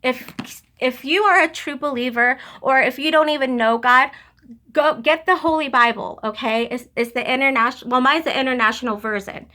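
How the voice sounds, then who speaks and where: Brief: young woman, bright higher voice, earnest and halting, emotional testimony. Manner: halting and earnest, many restarts and fillers. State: emotional, near tears. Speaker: vlogger sharing religious testimony.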